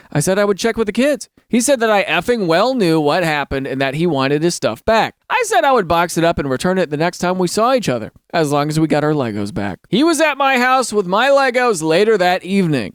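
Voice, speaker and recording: A man reads internet stories aloud and riffs on them in a loose, jokey way. His pitch leaps around a lot and sits somewhat high for a man. The sound is dry and close, with no room around it. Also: dry recording. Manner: animated, jokey, bursts into loud mock cheering. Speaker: host reading and reacting to online posts. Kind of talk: casual commentary.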